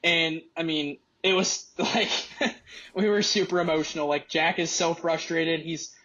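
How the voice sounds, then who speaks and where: A young man from Michigan, a college angler guest, telling a story in a rambling, excited way with lots of fillers. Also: a little high, a little slow, muffled recording. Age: young adult. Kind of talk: casual storytelling.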